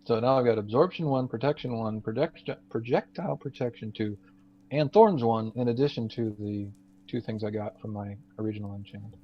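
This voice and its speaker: A man's voice: mid-range voice, a little fast, dull audio. Chill guy walking through his minecraft gear, bit of hiss behind him. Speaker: gamer co-host. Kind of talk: casual gaming commentary.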